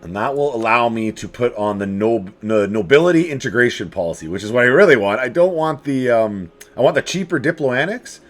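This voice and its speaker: Speaking fairly quickly with hardly any pauses, this medium-pitched man hosts a let's play of a strategy game. His commentary is casual, lively and chatty, and he talks straight to the enemies he's fighting.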